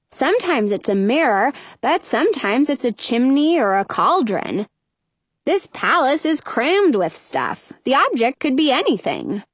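A woman reading a first-person children's story aloud with expressive storytelling. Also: sits high, no room sound. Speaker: audiobook narrator.

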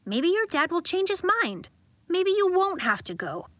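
A woman's voice: extremely high pitch, sing-song, a little slow, no echo, pitched above the performer's own voice, exaggerated voice. A woman voicing an earnest young schoolboy in a storybook reading.

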